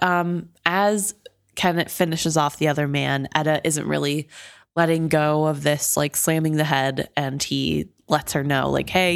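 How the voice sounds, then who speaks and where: Low-voiced woman musing on a book. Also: creaky. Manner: thoughtful, hedging, many fillers. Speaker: book podcast co-host. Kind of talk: casual chat.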